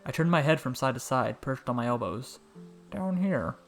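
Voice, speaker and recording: A young adult man narrating a scripted story in a calm, measured, softly spoken way. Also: medium pitch, soft background music.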